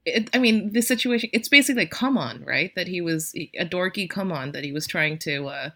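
A woman's voice: on the low side, expressive, brisk, a bit bright. A woman hosting a podcast, chatting casually and searching for her words as she goes. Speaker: podcast host. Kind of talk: casual chat.

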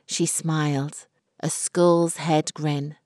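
A woman narrating a short story in a measured, unhurried way. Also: low voice, level tone, a little mellow, no room sound. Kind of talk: scripted narration. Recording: dry close recording.

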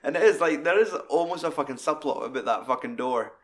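Talking fast and with lively intonation, a man discusses a film in a casual, freely profane way. He performs the quoted lines in loud, high-pitched voices.

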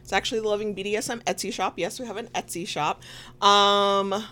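A woman's voice: medium pitch, steady tone, brisk, pushed and bright. Southern lady podcast host, chatty and giggly, just chatting at home. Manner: chatty, laughs often, rambling asides. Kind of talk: casual chat. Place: home recording room.

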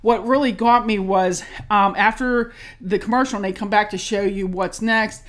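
A woman with a medium-pitched voice and moderate pace co-hosts a podcast. In casual chat, she tells a story with animated energy, acting out her reactions.

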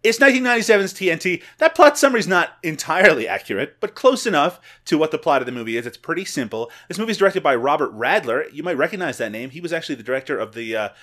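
Animated, bright-voiced male podcast host. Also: fairly high pitch, fast, hardly any pauses. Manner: animated, laughs often, playful. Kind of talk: casual banter and movie recaps.

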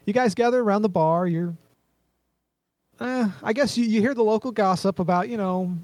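Game master, male, high voice, rambling and halting, dry close sound. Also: a little mellow, dry recording. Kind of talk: narrating a tabletop game.

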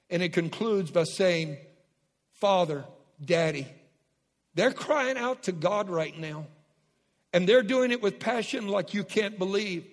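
A man with a high voice preaches fervently from a large church auditorium, calling out to his congregation. His words ring with a long hall reverb. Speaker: pastor. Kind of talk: sermon.

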